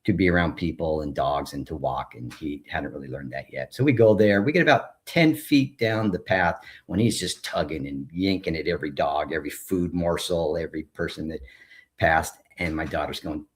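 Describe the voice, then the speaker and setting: A man's voice: rumbling low, normal speed, slightly rough. A man in his forties, a former school principal, recounting his experience in conversational storytelling and acting out the dialogue he describes. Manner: recounts events while acting out quoted dialogue.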